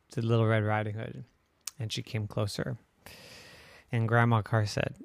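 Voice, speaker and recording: A man telling an improvised bedtime story, slow, playful and animated. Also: fairly low pitch, creaky, dry recording, clean studio sound.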